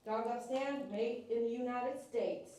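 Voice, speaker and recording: A woman's voice: a little high, unhurried, warm tone, distant mic. Coaxing woman in an echoey room. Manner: soothing, coaxing, repeats herself to the dog. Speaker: dog groomer. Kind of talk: casual talk while grooming a dog. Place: grooming room.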